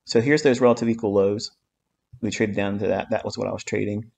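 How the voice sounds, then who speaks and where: A man's voice: on the low side, fairly even intonation, brisk, gravelly, darkish tone, slightly rough. A man giving a live-streamed trading lesson, talking bluntly and emphatically, swearing often and repeating his points. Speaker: trading mentor.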